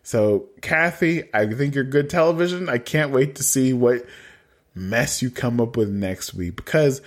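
A man's voice: mid-range voice, a little slow. A man co-hosting a podcast, chatting casually and dramatically about a reality dating show, mock-exasperated and laughing often. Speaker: podcast co-host. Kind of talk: casual reality-TV recap chat.

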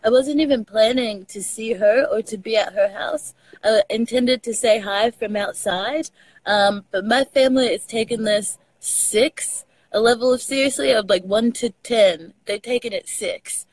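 Woman, Southern Texan accent, higher voice, dry close sound, laughing storyteller, video call chat. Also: unhurried, no echo. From Texas. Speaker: guest.

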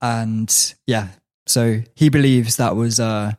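A man's voice: medium pitch, fairly even intonation, slow pace, darkish tone. Chatty man telling a story. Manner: storytelling with frequent laughs and restarts. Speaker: podcast host. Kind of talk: casual chat, storytelling.

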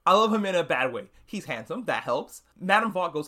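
A man hosting a podcast, recapping a TV episode in casual, animated chat and swearing freely. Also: on the high side, fairly quick, hardly any pauses. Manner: animated, swearing, acts out characters' lines. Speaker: podcast host.

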